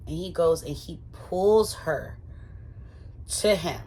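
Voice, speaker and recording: A woman's voice: low voice, measured pace, pauses often, mellow, slight background noise. A woman giving a casual, chatty recap of a reality show, talking straight to her viewers. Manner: chatty, addresses viewers as y'all.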